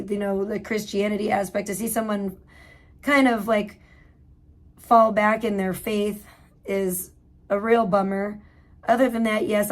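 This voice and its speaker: A woman hosting a livestream, giving blunt, profane commentary in casual, rambling talk. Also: medium pitch. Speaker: livestream host.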